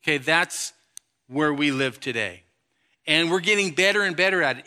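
A middle-aged man preaching in a loose, conversational way, full of acted-out asides and playful sound effects. His voice is bright and forward, sitting a little high for a man. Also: moderate pace, smooth. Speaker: pastor. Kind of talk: sermon.

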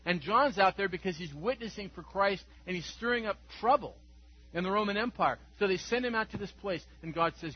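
A man preaching an Easter sermon as pastor, moving from hushed scripture reading to loud exclamations. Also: high voice, expressive, a little fast, husky. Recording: dull lo-fi recording with faint hum.

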